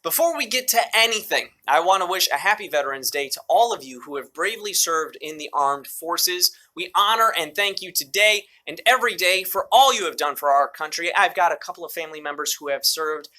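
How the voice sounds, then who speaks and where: Bright, upbeat game show host man. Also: fairly high pitch, brisk, hardly any pauses. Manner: upbeat, joking, playful asides. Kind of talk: live mobile trivia hosting.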